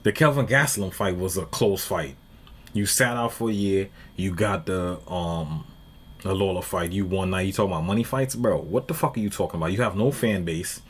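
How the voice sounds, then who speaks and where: A man's voice: deep voice, normal speed, slightly rough. A man giving blunt, profane reaction commentary on a fight video, ranting with lots of swearing. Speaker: reaction streamer.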